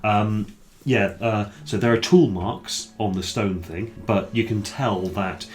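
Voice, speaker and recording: A man narrates a tabletop game as its game master, his voice sitting low. He describes scenes in a measured, descriptive way, taking his time.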